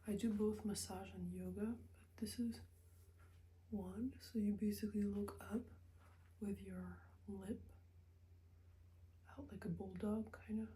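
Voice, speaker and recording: A young woman rambles candidly to her camera in a relaxed vlog. Her voice is mellow and warm at a middle pitch. She often dips into soft whispers. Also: slight background noise, low-quality recording. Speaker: vlogger. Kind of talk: casual confessional vlog.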